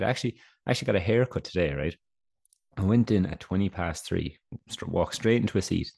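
A man's voice: low voice, creaky, darkish tone. A young man co-hosting a podcast in casual chat, sounding stuffed up, telling stories and laughing often. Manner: chatty storyteller, laughs often. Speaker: podcast co-host.

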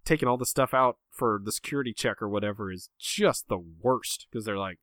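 A man's voice: on the low side, brisk, hardly any pauses, fairly bright tone, no room sound. A man chatting casually, rambling and self-mocking as he tells a story about himself. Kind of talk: casual chat, telling a story.

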